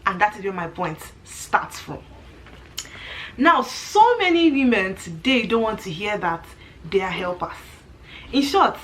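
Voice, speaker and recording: A woman's voice: medium pitch, slight background noise, rough recording. Woman vlogger chatting to camera. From Nigeria. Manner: animated, talks to viewers directly with frequent asides and restarts. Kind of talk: casual opinion vlog.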